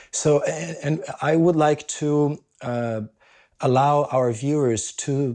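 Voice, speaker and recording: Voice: mid-range voice, warm tone. A host asking thoughtful questions with frequent hesitations and restarts. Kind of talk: conversational interview.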